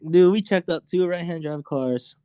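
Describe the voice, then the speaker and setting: A young man co-hosting a podcast, telling a story in a casual, animated, profane way and acting out what people said. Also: fairly high pitch, moderate pace, clean tone, no echo. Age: young adult. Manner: animated, profane, acts out quotes. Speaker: podcast co-host. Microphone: podcast mic on voice chat.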